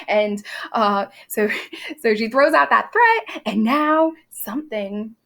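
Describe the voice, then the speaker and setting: A woman's voice: fairly high pitch, expressive, measured pace, fairly bright tone. A young adult woman teaching, explaining a play in a casual way with lots of fillers. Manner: casual, many fillers, briefly acts out quoted lines.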